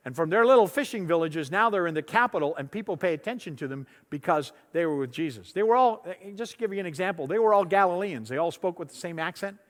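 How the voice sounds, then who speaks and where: A man's voice: high-pitched, expressive, quick pace, few pauses, big-room sound. A man preaching a sermon in a church on a lapel mic, talking conversationally, often repeating words and acting out voices from the story. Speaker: pastor. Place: church sanctuary.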